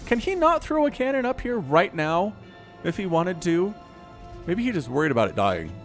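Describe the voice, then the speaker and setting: An American man casts a strategy match on his own, his voice swinging through a lively pitch range. He sounds excitable and chatty and often calls out to the players as if they could hear him, over faint music. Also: normal speed. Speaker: esports caster. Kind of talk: solo game commentary.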